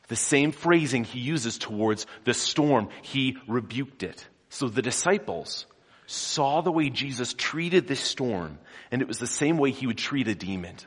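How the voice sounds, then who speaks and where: In a hall with long reverb, a preacher dramatizes his story, alternating forceful loud passages with quiet ones and frequently asking the congregation questions. His voice is medium in pitch with a breathy edge.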